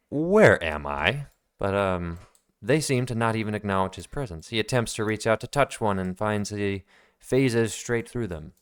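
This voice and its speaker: A man's voice: on the low side, clear, resonant tone. A man running a tabletop game as game master, narrating the scene in a casual, rambling way with fillers, at a home desk.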